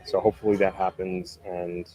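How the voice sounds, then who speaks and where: A man with a low, fairly flat voice hosts a live stream from outdoors near a beach. He reads news articles aloud and keeps breaking off for relaxed, chatty asides to his viewers. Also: normal speed, a little hiss or hum, poor audio.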